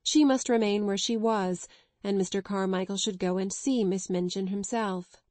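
A woman narrating an audiobook in a measured, expressive way. Her voice is mellow and dark-toned, recorded close and dry with no room sound. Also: medium pitch, dry recording. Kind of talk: scripted narration.

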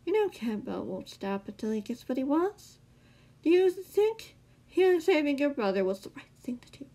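A woman's voice: high voice, very animated, moderate pace, mellow, pitched above the performer's own voice. A woman voicing a mysterious male caller who mocks and taunts a boy in a mocking tone. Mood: taunting.

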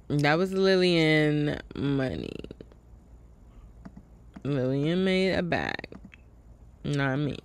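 A woman streamer with a low voice chats casually with her viewers while commenting on a game in a let's play, swearing freely and staying animated. She speaks slowly and pauses often, with soft music playing in the background.

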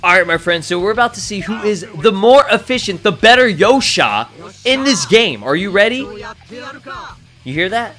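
Excitable young male let's-player, bright and animated, game music faint behind. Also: high-pitched, moderate pace. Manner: excitable, swears a lot, hype exclamations. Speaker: gaming YouTuber. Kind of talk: gameplay commentary.

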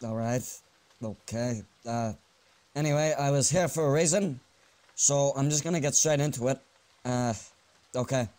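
A man voicing an easygoing young friend with a casual, rambling way of talking in an animated comedy. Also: medium pitch, normal speed, long pauses, natural voice. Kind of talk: amateur animated comedy voice acting.

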